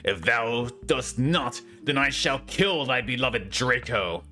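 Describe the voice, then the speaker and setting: A man voicing a menacing dark lord who speaks in archaic words, slow and mock-ominous. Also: medium pitch, lively intonation, pitched above the performer's own voice.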